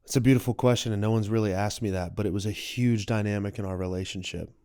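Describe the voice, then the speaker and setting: A young man in his late twenties speaks in a smooth, clear voice that sits a little low. He tells a personal story openly and with feeling, and the sound is dry and close, as if recorded on a studio mic. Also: fairly even intonation, fast, darkish tone, no echo. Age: 20s. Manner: open, heartfelt, reflective. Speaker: podcast guest.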